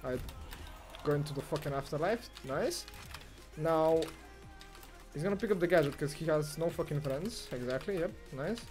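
A young man with a slightly high voice talks through his own match as it happens. He mutters one moment and yells the next, swearing and ranting freely, while music plays faintly underneath. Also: normal speed. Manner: excitable, swears, rants, swings from mumbling to yelling. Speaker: gamer streamer. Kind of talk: gameplay commentary.

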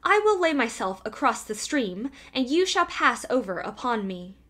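A woman's voice: on the high side, big pitch swings, normal speed, a bit bright. A woman reading a confident talking log.

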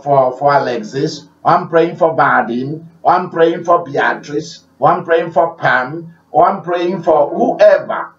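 A male pastor preaching slowly, his voice sitting a little high for a man. He repeats himself for emphasis, rising to loud declarations and dropping to hushed prayer. The recording is roomy, distant and dull. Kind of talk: sermon.

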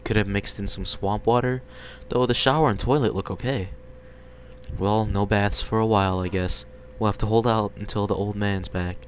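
A man's voice: lowish voice, fairly even intonation, moderate pace, a little hiss or hum, lightly acted, low-quality recording. A man reading a foul-mouthed college girl. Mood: grumbling. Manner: blunt, swears casually. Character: brash young woman college student, foul-mouthed. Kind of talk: reading game dialogue aloud.

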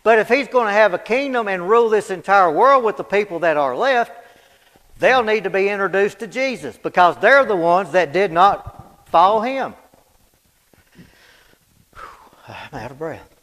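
In the long reverberation of a church hall, a man with a high voice preaches a folksy, plain-spoken Bible study sermon. He repeats his points emphatically and moves between booming proclamations and quiet asides.

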